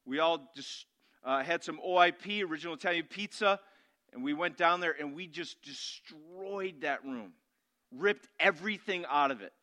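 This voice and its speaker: A man's voice: fairly high pitch, normal speed. A man preaching a sermon as pastor, emphatic, putting questions to the congregation and answering them himself. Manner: emphatic, rising to loud declarations.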